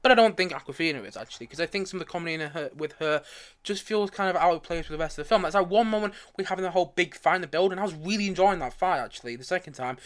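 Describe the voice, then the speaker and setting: Fast-talking chatty male film streamer. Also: sits high, a bit bright. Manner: rambling and chatty, with frequent restarts and asides while searching for images. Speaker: movie review livestream host. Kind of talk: casual live-stream film chat.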